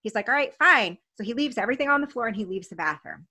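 A woman's voice: fairly high pitch, expressive, rapid-fire, bright, forceful tone, husky. A woman telling a story in casual talk, blunt and swearing freely, acting out what people said. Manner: blunt, swears freely, acts out quoted dialogue. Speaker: interview guest.

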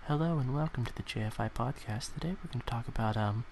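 A timid male golf announcer murmurs close to the mic, hushed and hesitant, stumbling over fillers, as a man puts the voice on. The tone sits bright and clear even at low volume, with a faint hiss behind it. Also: a little fast, full character voice.

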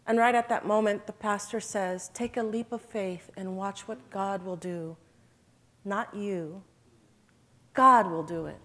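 A woman's voice: medium pitch, a little slow, a bit bright. Woman giving an earnest church testimony. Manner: earnest, emotional, addresses listeners as brothers and sisters. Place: event hall.

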